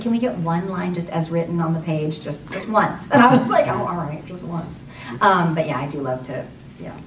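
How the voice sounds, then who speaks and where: Chatty laughing woman in a roomy hall. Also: low voice. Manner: chatty and rambling, laughs often, acts out quotes. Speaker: voice actress guest on a convention panel. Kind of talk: casual panel Q&A. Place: convention panel room. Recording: roomy hall, distant from mic, faint noise.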